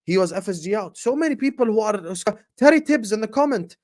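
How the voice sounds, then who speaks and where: A man's voice: high-pitched, lively intonation, a little fast. Fired-up man hosting a fan livestream. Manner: passionate, fired-up, shouting out viewers; repeats and restarts words when worked up. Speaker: football fan channel host. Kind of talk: casual livestream rant.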